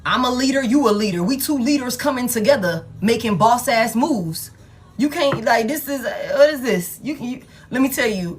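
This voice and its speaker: A woman's voice: a little high, animated, moderate pace, faint music behind. Blunt, exasperated woman reading tarot. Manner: blunt, exasperated, swearing, repeats phrases for emphasis. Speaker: tarot reader. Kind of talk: live collective tarot reading.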